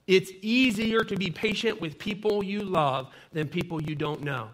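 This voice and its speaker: Male pastor, thirties, high bright voice, conversational sermon with personal stories. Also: moderate pace.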